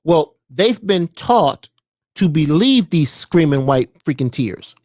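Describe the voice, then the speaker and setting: A commentary vlogger ranting with a lively voice that swings up and down, preaching and mocking by turns. The sound is dry and close to the mic. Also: medium pitch, slow, dry recording. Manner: animated, preachy, mocking, jumps between voices.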